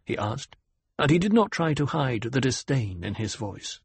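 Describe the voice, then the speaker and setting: A man giving scripted audiobook narration in a steady, unhurried way. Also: on the low side, gravelly, breathy edge, no room sound.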